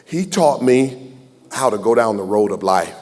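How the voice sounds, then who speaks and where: A man's voice: fairly low pitch, animated, a little slow, a little mellow. A man in his sixties giving a heartfelt, folksy keynote speech at a gala, joking with the crowd and taking questions. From Southern United States. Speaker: keynote speaker. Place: large banquet hall. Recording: long hall reverb from a ballroom PA.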